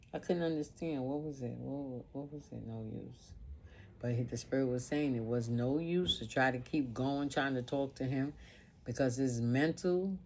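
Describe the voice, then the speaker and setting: A woman's voice: rumbling low, darkish tone, a little hiss or hum. A woman vlogger telling a personal story in an emotional monologue, earnest and informal, piling up repeated phrases.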